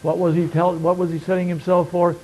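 A man delivers a sermon in a fairly high voice. He swings from loud, emphatic declaiming down to quiet asides, and slows way down to stress each scripture quote. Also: level tone, poor audio. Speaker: preacher.

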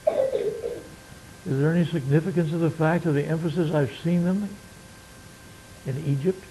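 A man delivers a sermon in a fairly high voice. He swings from loud, emphatic declaiming down to quiet asides, and slows way down to stress each scripture quote. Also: very animated, slight background noise, poor audio. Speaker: preacher.

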